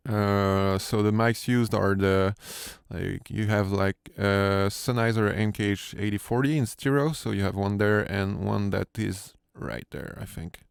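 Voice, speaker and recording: A low-voiced man with a French accent talks slowly through a tutorial walkthrough, pausing often on fillers and restarts. His voice has a gravelly edge yet stays smooth, and the room is dry. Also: no echo. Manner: hesitant, many fillers and restarts. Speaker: sound designer. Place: home studio.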